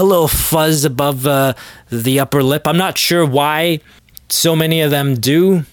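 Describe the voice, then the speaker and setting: A man's voice: a little high, normal speed, no echo, clean studio sound. A man hosting a podcast, telling a rambling, sardonic comedic story. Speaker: podcast host. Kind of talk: comedic monologue.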